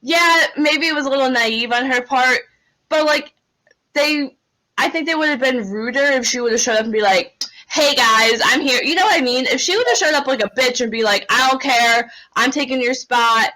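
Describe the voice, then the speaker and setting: A woman co-hosting a podcast, talking fast and with animation in casual chat, saying "like" often. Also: high-pitched, lively intonation, sharp tone, low-quality recording. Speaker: podcast co-host.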